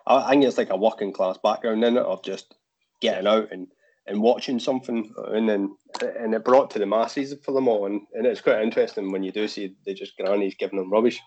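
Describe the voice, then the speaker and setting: A man chatting casually as a podcast guest, relaxed and quick to laugh. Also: on the low side. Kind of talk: casual chat. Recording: muffled lo-fi remote audio.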